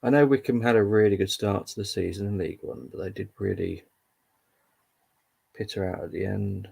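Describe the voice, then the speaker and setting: Young guy rambling about football on a stream, deep and super gravelly. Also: steady tone, moderate pace, darkish tone. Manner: rambling, chatty, full of fillers and restarts. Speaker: livestream football update host. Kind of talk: casual live football chat.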